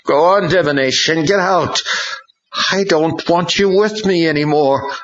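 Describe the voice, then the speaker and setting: Hoarse teenage boy, torn and pleading, raised pitch, dull lo-fi sound, read by a man. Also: measured pace, a bit bright.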